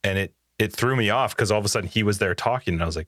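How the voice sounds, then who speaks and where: A man's voice: lowish voice, fast, a bit bright, no echo, studio quality. A man co-hosting a casual gaming podcast, rambling and often restarting his sentences. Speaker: podcast co-host.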